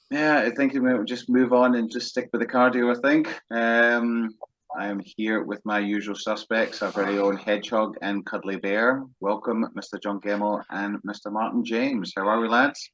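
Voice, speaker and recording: A man's voice: on the low side, a bit bright, dry recording, lo-fi sound. A man hosting a casual podcast chat, joking and rambling with frequent laughs. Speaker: podcast host.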